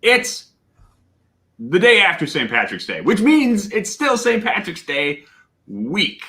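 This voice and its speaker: A man hosting a casual whiskey tasting livestream, talking loudly, greeting viewers and laughing often. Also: high-pitched, slow. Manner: loud and animated, laughs often. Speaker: host of a whiskey tasting stream.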